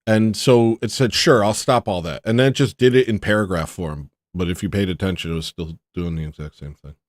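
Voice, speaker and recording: A man's voice: deep voice, brisk, darkish tone, no room sound. Male livestream host, sarcastic rambler, close dry sound. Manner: sarcastic, rambling, mocking impressions. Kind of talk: casual livestream commentary.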